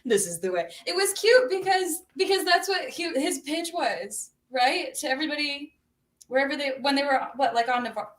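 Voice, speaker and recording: A woman's voice: high-pitched, lively intonation, normal speed, a bit bright, reverberant, recorded from a distance. A woman co-hosting a casual podcast, thinking aloud in a rambling way. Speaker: podcast co-host. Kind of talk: casual chat.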